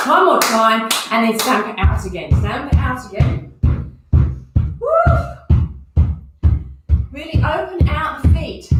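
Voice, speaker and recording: A woman's voice: fairly high pitch, far from the mic. A woman leading a guided movement and breathing class, calling out each movement and breath cue as she goes. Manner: instructive, counting out movements and breath cues. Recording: very echoey room, voice from off the mic.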